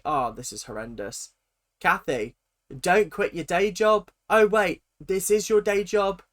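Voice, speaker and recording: A woman's voice: medium pitch, expressive, unhurried. A woman hosting a reaction video, giving sarcastic, giggly, mock-outraged commentary.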